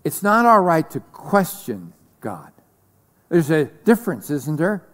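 Man, pastor, sermon, slow deliberate delivery, slightly high voice, long church reverb. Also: very animated. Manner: slow and deliberate, with dramatic swings from shouts to soft whispers. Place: church sanctuary.

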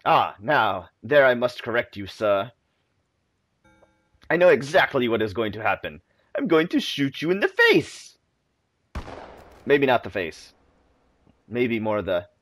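A man's voice: medium pitch, very animated, slow pace, long pauses, a bit bright, no room sound, faint music behind, heavily acted. A man voicing a smug gunman who mockingly threatens a guest in a game. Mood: mocking menace.

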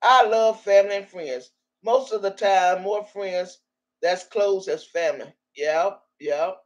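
A woman's voice: medium pitch, unhurried. A woman in her sixties hosting a casual livestream, reading viewer comments aloud in a loose, salty way and laughing often.

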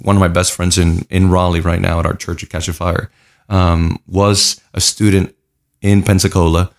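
A man's voice: low-pitched, little pitch movement, moderate pace. A man from Puerto Rico, a pastor, telling his story earnestly in a casual interview. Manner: earnest, storytelling, lists things in runs.

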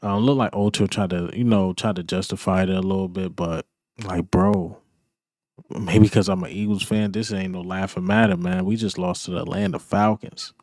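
A man's voice: low voice, steady tone, normal speed, a little mellow, no room sound, clean studio sound. A man vlogging a frustrated, emphatic sports reaction rant, repeating his points in casual slang.

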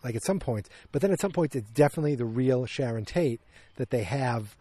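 In a mid-range voice with lively intonation, a little fast, mellow and slightly rough, a man hosts a podcast discussion of a film with no echo on the recording. He's casual and opinionated, rambling and correcting himself as he goes.

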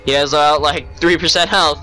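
A man's voice: on the high side, fairly even intonation, moderate pace, pushed and bright, soft background music. A young man giving sarcastic let's play commentary on a horror game. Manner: wry, sarcastic narration of the action. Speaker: gamer playing a horror game.

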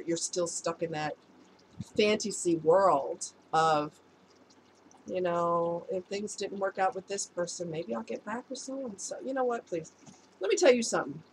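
A woman past her youth, a vlogger who gives relationship advice, tells her viewers a personal story in a casual, chatty way, laughing at herself. Her voice is on the low side. The audio is poor, with slight background noise.

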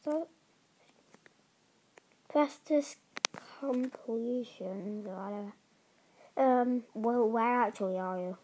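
Slow-talking playful woman gamer. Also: a little high, a little hiss or hum, poor audio. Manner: playful, excitable, talks to other players. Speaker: gaming video host. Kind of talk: casual gameplay commentary.

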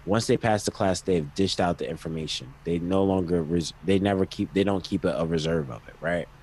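A man's voice: low voice, brisk, darkish tone, slightly rough, rough recording. A man co-hosting a podcast in casual chat, rambling with many restarts. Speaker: podcast co-host.

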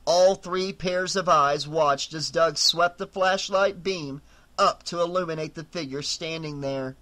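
A man reading a horror audiobook in a dramatic, measured narration. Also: fairly high pitch, bright, forceful tone.

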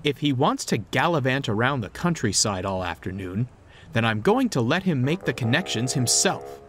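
A man's voice: medium pitch, big pitch swings, moderate pace, fairly bright tone, breathy edge. A man voicing an impatient young male tank engine in a storybook reading, grumbling and sulky. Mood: grumpy. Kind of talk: storybook narration.

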